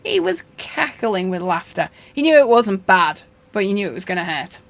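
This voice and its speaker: A woman's voice: mid-range voice, big pitch swings, normal speed, vocal fry. A woman hosting a fishkeeping channel, talking in a casual, rambling way with dry jokes and anecdotes. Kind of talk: casual chat.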